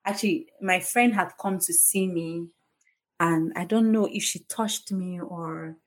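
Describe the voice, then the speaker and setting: A woman's voice: fairly low pitch, measured pace. A young adult woman from Nigeria hosting a podcast, telling a personal story candidly with many fillers. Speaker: podcast host, foundation founder.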